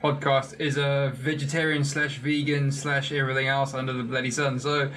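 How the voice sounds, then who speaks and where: A man's voice: mid-range voice, little pitch movement, normal speed, a bit bright, slight background noise. A man hosting a podcast who speaks in an upbeat, friendly way. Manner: upbeat, friendly, says "dude" a lot. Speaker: podcast host. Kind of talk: casual podcast chat.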